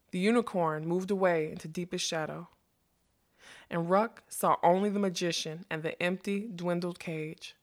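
A woman narrating a fantasy novel as an audiobook, measured and expressive. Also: lowish voice.

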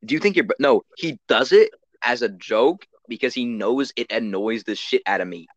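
A man's voice: medium pitch, lively intonation, moderate pace, no echo. Teen boy podcaster, casual rambling chatter, dry, slightly muffled recording. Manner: rambling, swears a lot, trails off and restarts. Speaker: podcast co-host. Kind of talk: casual chat.

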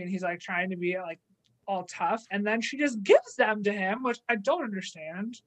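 A woman's voice: medium pitch, unhurried, poor audio. Chatty woman retelling a show. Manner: animated storyteller, acts out quotes. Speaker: podcast co-host. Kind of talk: casual chat recapping a TV episode.

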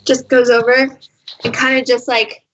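A woman's voice: fairly high pitch, little pitch movement, moderate pace, a little hiss or hum. A woman running a tabletop game as game master, narrating loosely with fillers. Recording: dull lo-fi sound.

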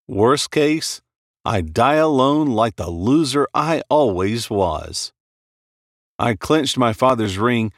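Expressive male horror narrator. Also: mid-range voice, no room sound, clean studio sound. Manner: expressive, dramatic storytelling. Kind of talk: scripted first-person horror narration.

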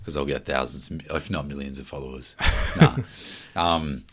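A man with an extremely deep, low voice chats casually into a podcast microphone. He jokes around and laughs often as he tells stories. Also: fairly even intonation, normal speed, a bit bright. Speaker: podcast guest. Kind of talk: casual chat.

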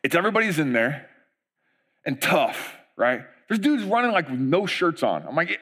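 A middle-aged man preaching a sermon as pastor, conversational and animated, with frequent asides. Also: a little high, moderate pace, breathy edge.

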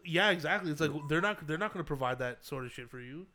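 A man's voice: fairly high pitch, lively intonation, fast, bright, forceful tone. A young man hosting a casual, crude podcast chat, joking and laughing often. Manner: joking, laughs a lot, profane. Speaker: podcast host.

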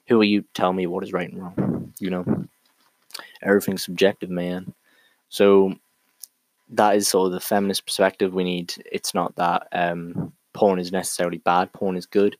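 A man's voice: sits low, no room sound, low-quality recording. A man talking through an argument on his own in a casual monologue, thinking aloud with frequent restarts and fillers.

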